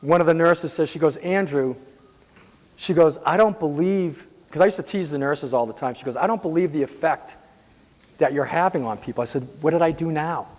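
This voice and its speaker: Man, earnest storyteller, halting delivery, slightly high voice, long hall reverb. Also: a little mellow. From Boston area. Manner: earnest, halting, many restarts. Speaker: patient advocate. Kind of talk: personal storytelling.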